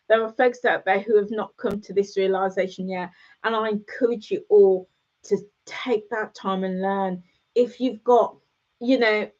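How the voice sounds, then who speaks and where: A woman's voice: medium pitch, darkish tone. A middle-aged woman talks casually and encouragingly to her viewers, repeating key phrases to drive them home. Her voice sits in an ordinary middle register. The sound is a bit dull and lo-fi. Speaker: host. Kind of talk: casual motivational chat with viewers.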